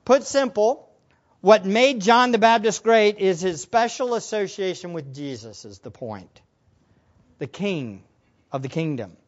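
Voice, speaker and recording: A man preaching a sermon as pastor, emphatic, asking rhetorical questions and swinging between loud and soft. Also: sits high, lively intonation, a little slow, muffled recording.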